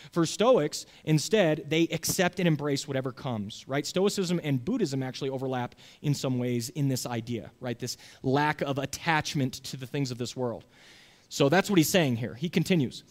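A man teaching a Bible study class in a lively way, often checking in with his listeners. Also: fairly high pitch. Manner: animated, asks the class for agreement.

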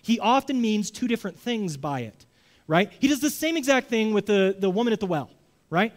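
A man's voice: high-pitched, lively intonation, a little fast. A man giving a sermon in a conversational way, often checking in with his listeners and acting out short voices. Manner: conversational, acts out voices, frequent "right?". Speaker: preacher.

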